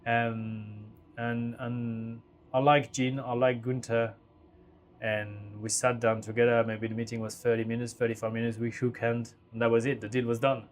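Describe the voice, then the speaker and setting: Guy talking english, 30s, open and chatty, normal pitch, gets animated in stories. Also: moderate pace, slight background noise. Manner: candid, animated when telling stories. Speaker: racing driver guest. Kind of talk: interview conversation.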